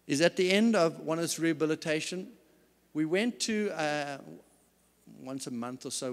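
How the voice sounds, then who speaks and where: Earnest high-voiced man in a hall. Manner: earnest, emphatic storyteller. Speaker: company CEO speaker. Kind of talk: faith-based business talk. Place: large event hall. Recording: reverberant hall sound.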